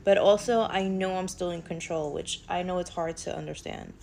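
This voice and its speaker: A woman's voice: on the low side, fairly even intonation, moderate pace, gravelly, dark tone, slight background noise. A woman casually telling a personal spiritual story, chatty and rambling, peppered with "like.". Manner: chatty, rambling, heavy use of "like".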